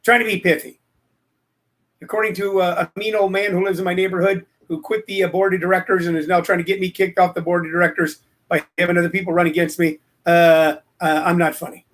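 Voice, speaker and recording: A man's voice: high-pitched, little pitch movement, quick pace, fairly bright tone. A man hosting a live-streamed comedy talk show, playful and showy, rambling with lots of fillers. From Missouri, US. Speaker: host.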